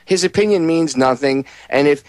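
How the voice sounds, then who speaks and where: A man's voice: on the high side, normal speed, a little mellow, no room sound. A man hosting a talk radio show, speaking casually and animatedly, often mocking people in put-on voices.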